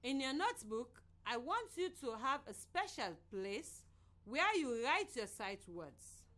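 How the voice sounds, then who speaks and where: A woman from Sierra Leone teaching a children's reading lesson on the radio in a slow, clear, sing-song voice. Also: sits high, sing-song, fairly bright tone.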